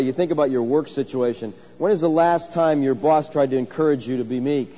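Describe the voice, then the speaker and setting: A male pastor delivers a sermon in an easy, conversational way, telling stories and asking his listeners questions. His voice is mellow and somewhat high. The recording is dull and lo-fi, with long reverb from a large church hall. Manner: conversational, storytelling, asks the congregation questions.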